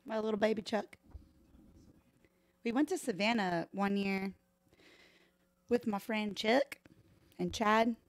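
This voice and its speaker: Thirties woman, bartender guest, loud and salty storyteller, dry room tone. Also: medium pitch, slow pace, long pauses, no room sound. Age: 30s. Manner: animated, profane, laughs often, acts out voices in anecdotes. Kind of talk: casual podcast storytelling. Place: podcast live stream room.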